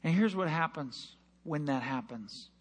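A high-pitched man preaches a sermon from the pulpit of a church. He tells his story with fervor, rising loud and then falling to a hush. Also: expressive, measured pace, slightly rough. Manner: impassioned storytelling, swings from loud to hushed. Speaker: pastor.

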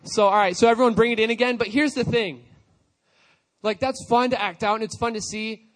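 High-voiced man telling a Bible story. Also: brisk. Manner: casual, animated retelling with quoted voices. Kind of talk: storytelling sermon.

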